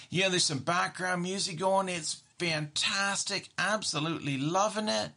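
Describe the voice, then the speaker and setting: A man's voice: high voice, moderate pace, hardly any pauses, pushed and bright. A man, a therapist, talking casually about everyday moments and acting out his own reactions, with many restarts. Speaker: therapist and podcast host. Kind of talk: casual monologue.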